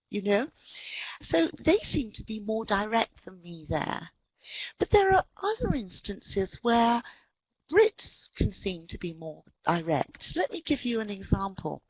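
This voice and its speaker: A woman's voice: medium pitch, sing-song, unhurried, darkish tone, slightly rough, no room sound, poor audio. A middle-aged British woman with a British accent, giving a wry, anecdotal webinar lecture on language with frequent ums. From Britain. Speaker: webinar presenter, English teacher trainer.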